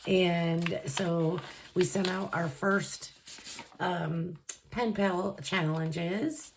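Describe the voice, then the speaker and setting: A woman's voice: lowish voice, steady tone, extremely slow, a little hiss or hum. A woman budgeting vlogger chatting casually to camera, gushing and emotional, with a lot of fillers. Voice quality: gravelly, creaky voice.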